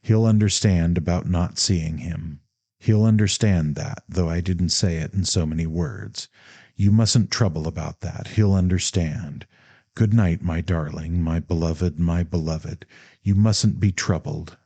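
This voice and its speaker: A man reading the words of a tender, devoted mother writing to her grown son, in a soft, gentle, subdued way. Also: low voice, a little slow, no room sound.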